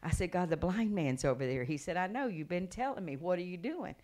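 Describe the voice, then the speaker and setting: A middle-aged woman evangelist preaching a revival sermon, telling stories with acted-out voices and rising to a loud preaching cadence. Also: on the low side, brisk. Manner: animated storytelling, acts out voices and gasps.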